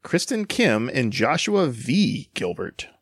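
A man's voice: medium pitch, takes it slowly, slightly rough, no room sound, clean studio sound. Playful male podcast co-host. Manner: playful, laughing, expressive inflections. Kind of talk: casual chat, reading an episode summary.

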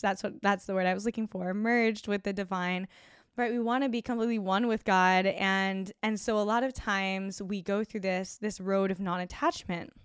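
A woman's voice: mid-range voice, clear, resonant tone, dry recording. Woman, podcast host, enthusiastic and chatty, dry close sound. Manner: gushing, enthusiastic, lots of "like" fillers. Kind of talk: casual solo podcast chat. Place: her bedroom at home.

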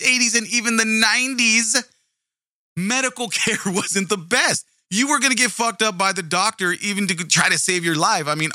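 A man's voice: very high-pitched, sharp tone, no echo, clean studio sound. A man giving profane, indignant commentary, sarcastic and mocking as he rants. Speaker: commentary video host.

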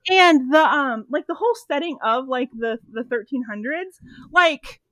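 On a podcast, a co-host in her thirties casually chats through a movie recap in a high, expressive, slightly bright voice at a moderate pace. There's no room sound. She tends to ramble, fills her speech with fillers, and swears without restraint.

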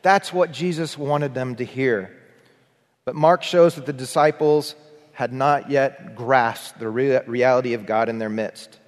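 A man's voice: medium pitch, a little slow. A man preaching a sermon as pastor, earnest, with shifting emphasis, sometimes having the congregation repeat phrases after him. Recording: long hall reverb.

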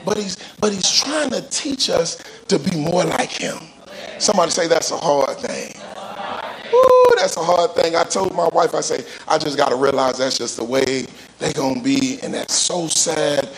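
A male pastor preaching a sermon, calling on the congregation to repeat phrases and rising into shouts with a sing-song cadence. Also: on the high side, moderate pace, vocal fry, low-quality recording.

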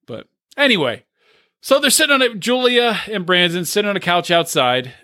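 A man's voice: sits high, big pitch swings, moderate pace, pushed and bright. A man co-hosting a podcast in casual chat, recapping scenes and mimicking cast members. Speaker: podcast co-host.

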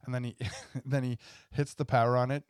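Mid-pitched man chatting about games. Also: flat delivery, a little fast, clear, resonant tone, dry recording, studio quality. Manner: explanatory, laughs often, gamer talk. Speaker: podcast co-host. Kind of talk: casual podcast chat.

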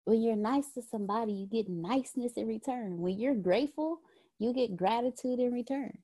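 A woman's voice: a little high, normal speed, mellow. A woman facilitating a leadership class call, talking earnestly about gratitude, often repeating words. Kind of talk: motivational talk. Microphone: phone or video call.

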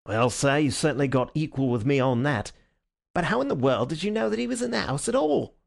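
An indignant inspector barks in a raised, high voice, his words roughened by a gravelly edge, as a male reader puts him on. He sounds heated and affronted. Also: lively intonation, brisk. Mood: grateful. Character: angry blustering police inspector, middle-aged man.

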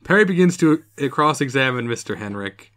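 A man's voice: mid-range voice, expressive, brisk, a bit bright. Jokey man recapping a show. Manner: jokey, laughs often, slips into impressions. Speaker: podcast co-host. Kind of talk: casual chat, episode recap.

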